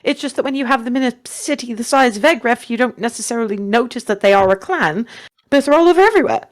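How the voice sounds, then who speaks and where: A woman running a tabletop game as game master, lively and quick to laugh. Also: fairly high pitch. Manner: lively, laughing, corrects players.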